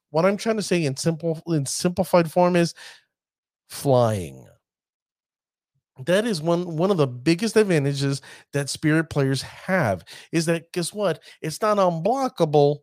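Guy talking thru a card deck, bit high voice, real dry sound, chatty w the viewers. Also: lively intonation, moderate pace, dry recording. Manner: chatty, addresses viewers as ladies and gentlemen. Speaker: card game deck analyst. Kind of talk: casual commentary.

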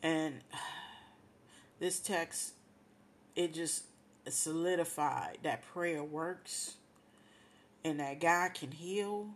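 With a low voice, speaking very slowly and pausing often, a woman on her radio show recounts an emotional testimony, praising God from the heart and thanking Him over and over.

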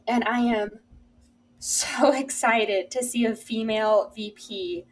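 A young woman co-hosting a podcast in casual chat, earnest and enthusiastic, often saying how excited she is. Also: fairly high pitch, rough recording. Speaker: podcast co-host.

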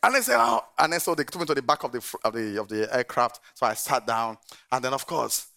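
Brief: middle-aged male pastor, bright, gravelly voice, lively preaching delivery. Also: medium pitch, fast talker. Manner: animated storytelling, often laughing. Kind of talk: sermon.

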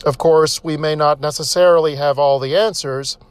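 A man's voice: moderate pace, clear, resonant tone, dry recording. A man reading a scripted joke and short essay, lifting his voice for the characters' lines. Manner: steady storytelling, voicing characters with raised pitch.

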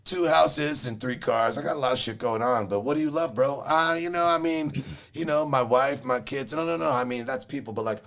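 A man's voice: mid-range voice, fairly quick, gravelly, hardly any pauses, fairly bright tone. A young man from Los Angeles telling his life story in casual chat, rambling and swearing, with frequent laughs. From Los Angeles, Southern California. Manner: profane, rambling, laughs often.

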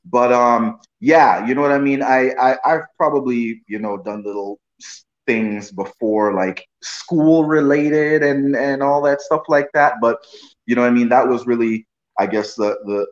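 A man's voice: medium pitch, moderate pace. A man, an actor guest, telling a casual story with many restarts and repeated "you know what I mean.". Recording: roomy, dull lo-fi sound.

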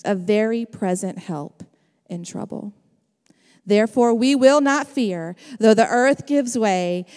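A woman's voice: a little high, big-room sound. A middle-aged woman preaching a sermon, calling out to her congregation with rising passion. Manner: impassioned, calls out to the congregation. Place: church sanctuary.

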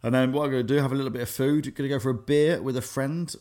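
A man's voice: mid-range voice, steady tone, racing, a little mellow. A young man co-hosting a podcast, chatting casually and rambling with many fillers and restarts. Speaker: podcast co-host. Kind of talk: casual chat.

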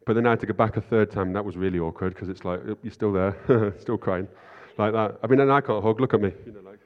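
Bloke preaching quick and chatty, lowish voice, dull echoey church sound. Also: male voice. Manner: chatty and self-deprecating, asks "right?" often. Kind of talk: informal sermon. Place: church hall. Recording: lo-fi sound in a reverberant hall.

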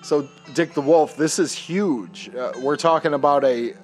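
A man's voice: a little high, unhurried, faint music behind. Stammering male podcast host. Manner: stammering, apologetic. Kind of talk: comedic call-in interview.

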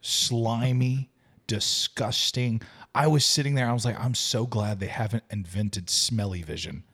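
A man co-hosting a casual movie review podcast, excitable and full of fillers and laughs. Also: mid-range voice, measured pace, husky. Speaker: podcast co-host.

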